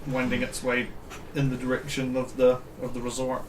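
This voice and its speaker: A man's voice: medium pitch, moderate pace. Man narrating a game from afar. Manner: relaxed storytelling, often laughing. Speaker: game master. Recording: distant mic with background noise.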